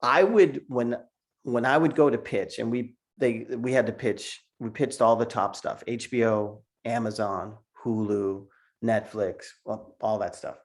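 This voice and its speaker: A man's voice: medium pitch, steady tone, unhurried. A middle-aged man, a cartoonist, telling stories in a casual interview over a video call, laughing often and repeating words as he goes. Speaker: cartoonist guest.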